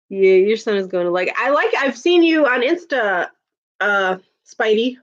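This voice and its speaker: A woman's voice: fairly high pitch, very animated, slow, muffled recording. A woman, chatting casually with her viewers, laughing often and using lots of filler words. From Chicago, USA. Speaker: livestream host. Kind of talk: casual chat reading viewer comments.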